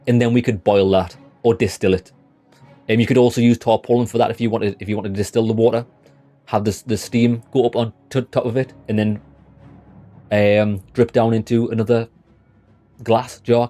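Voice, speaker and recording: Streaming a game live, a young British gamer talks bluntly and loosely with his chat, wandering between topics and swearing often. He has a lowish, mellow voice.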